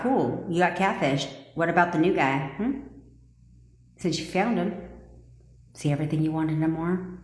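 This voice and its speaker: A woman coaching viewers on a live stream, blunt, profane and commanding, joking with her audience. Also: low voice. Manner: laughs and jokes with viewers. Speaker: manifestation coach. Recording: echoey room with long reverb.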